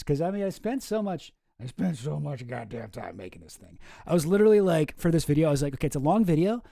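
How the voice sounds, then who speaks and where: Guy streaming, rambly and offhand, keeps trailing off, slightly high mellow voice, dry close sound. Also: gravelly, no room sound. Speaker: streamer and video creator. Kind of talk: casual livestream chat.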